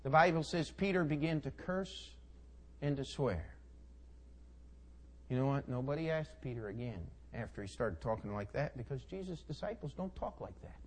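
A male preacher delivering a sermon, retelling scripture with folksy asides and dramatic swings between soft and loud. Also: medium pitch, animated, normal speed, slight background noise.

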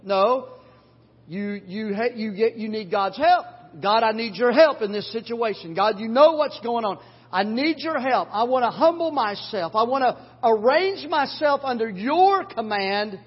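Older husky-voiced pastor preaching in a hall. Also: male voice, very high voice, expressive, measured pace. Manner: preaching with emphatic repetition, swinging from loud to hushed. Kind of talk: sermon. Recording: dull recording in a hall with long reverb.

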